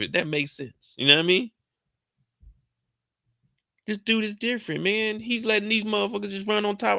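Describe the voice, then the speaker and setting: The show commentator, a young man, sounds high-pitched, brisk and creaky while still bright and forceful. He riffs profanely through a casual recap, jumping into the characters' lines. It's a dry, close recording with no surrounding room.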